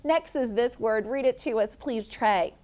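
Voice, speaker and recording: Woman teacher, high animated voice, drills phonics slowly and deliberately with her class. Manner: slow, deliberate chanting of sounds and letters; encouraging, calls on pupils.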